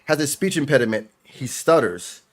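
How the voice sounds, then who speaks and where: A young man in a casual chat, telling slangy stories and slipping into quick voices. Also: mid-range voice, very animated, crowd noise. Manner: fast, storytelling, slangy, does quick voices.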